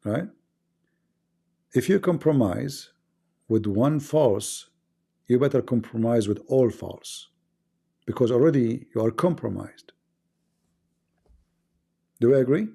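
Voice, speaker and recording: Gravelly argumentative man on a livestream. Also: medium pitch, animated, slow, long pauses, mellow. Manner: argumentative, asks rhetorical questions, non-native grammar. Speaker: livestream host. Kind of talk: casual livestream monologue.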